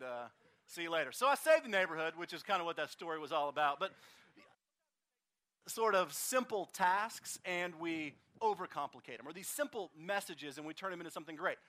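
A man preaching outdoors at a park service, telling a lively anecdote and acting out the other people in it. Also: on the high side. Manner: animated, acts out voices in anecdotes. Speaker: pastor. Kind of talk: storytelling sermon.

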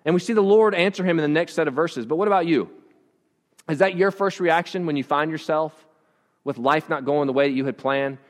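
A man's voice: fairly high pitch, fairly quick, long reverb tail. A pastor preaching a conversational sermon to his congregation, often restarting his phrases. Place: church.

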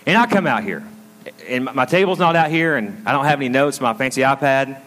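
This man, a pastor, has a mid-range, slightly bright voice and talks fairly quickly and animatedly. He's giving a conversational sermon, telling a story while frequent asides keep the congregation engaged. The setting is a school auditorium turned church, heard with long hall reverb.

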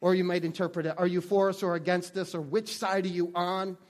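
Earnest high-voiced male pastor. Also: flat delivery. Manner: earnest, halting with frequent restarts. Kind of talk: sermon.

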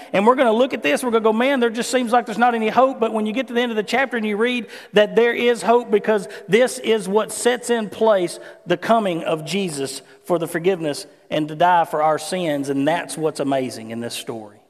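A man's voice: high voice, brisk, hardly any pauses. A man preaching a conversational sermon, mixing scripture reading with folksy personal stories. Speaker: pastor. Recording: long hall reverb.

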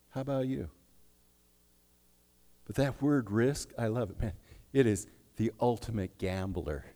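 A man preaching a sermon, emphatic, swinging between hushed and loud delivery. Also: medium pitch, a little slow, pauses often. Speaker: pastor. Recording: long reverb of a large hall.

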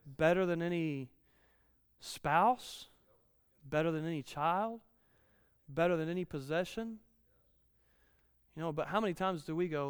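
A man's voice: fairly high pitch, a little slow, pauses often, smooth, dry recording, long reverb tail. A man in his thirties preaching a conversational sermon, repeating key lines and rising in volume when he reads scripture.

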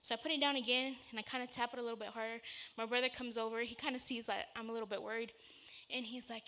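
A woman's voice: on the high side, fairly even intonation, fast, bright, forceful tone. A woman preacher giving a sermon, telling a personal story in an earnest, conversational way before moving into scripture.

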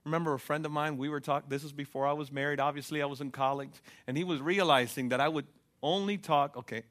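Young guy preaching hard, kinda high bright voice, keeps asking the crowd "are you with me". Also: steady tone, quick pace. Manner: fervent, rising to loud preaching; asks the congregation for responses. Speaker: pastor. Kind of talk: sermon.

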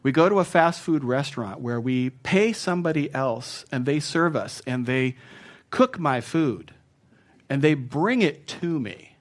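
A man's voice: medium pitch, expressive, unhurried. A man preaching a conversational sermon in church, chatty and self-mocking, teasing his congregation. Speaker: pastor. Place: church sanctuary.

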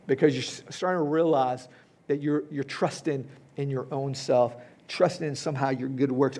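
A man's voice: mid-range voice, normal speed, a little mellow. A man in his fifties preaching a sermon to his congregation in a conversational way, often checking in with "right?" and "okay?". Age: 50s. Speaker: pastor. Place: church hall before a congregation.

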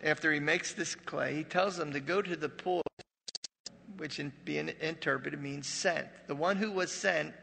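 A pastor preaches a sermon in a slightly high, sharp, forceful voice with a gravelly texture, at a normal speed. He tells the story like a joking, conversational storyteller, sinking to a hush at dramatic moments, while the long reverb of a big hall trails after his words.

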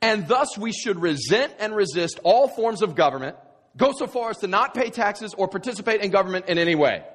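Animated preacher in a big hall. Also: male voice, high-pitched, brisk. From United States. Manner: emphatic, sarcastic rhetorical questions. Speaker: pastor. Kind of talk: sermon. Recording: long reverb of a large hall.

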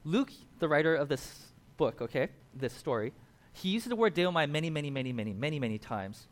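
Male pastor, slightly higher voice, casual animated sermon style. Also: a little fast. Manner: animated storytelling, acts out quotes.

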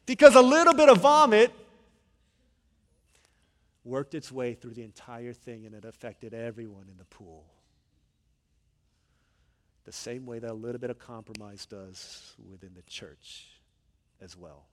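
A man preaching a sermon in a church, telling stories in an animated, conversational way. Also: fairly low pitch, a little slow, long pauses, in a large hall. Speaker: pastor. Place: church sanctuary.

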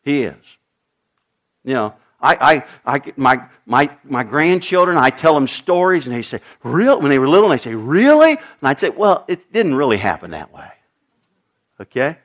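A man's voice: mid-range voice, sing-song, moderate pace, a bit bright. An older man preaching a sermon to his congregation, emphatic and repetitive, often asking his listeners questions. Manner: emphatic, repeats phrases, asks the congregation questions. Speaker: pastor.

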